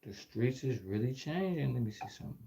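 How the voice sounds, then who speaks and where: A man in casual street talk, animated, acting out exchanges in shifting voices. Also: mid-range voice, a little fast, gravelly. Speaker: street commentator.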